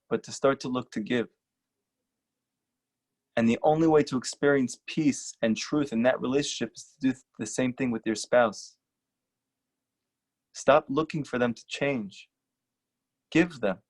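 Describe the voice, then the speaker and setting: A rabbi giving an earnest, emphatic lecture and repeating short lines for stress. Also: male voice, mid-range voice, unhurried, long pauses, a little mellow. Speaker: rabbi teaching a class. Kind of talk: earnest sermon-style lecture.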